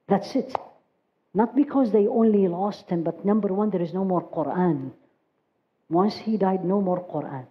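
A woman giving a religious talk, telling stories with feeling and reciting Arabic verses quickly. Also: mid-range voice, muffled recording. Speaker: religious teacher. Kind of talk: sermon storytelling.

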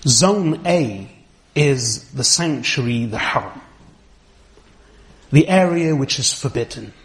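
A middle-aged man giving a deliberate religious lecture, explaining history and careful Arabic terms as a teacher. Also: mid-range voice, animated. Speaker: Islamic teacher.

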